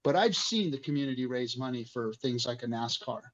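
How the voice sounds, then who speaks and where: A man's voice: mid-range voice, animated, brisk, highs cut off. A man hosting an online community discussion, speaking passionately and emotionally with frequent swearing.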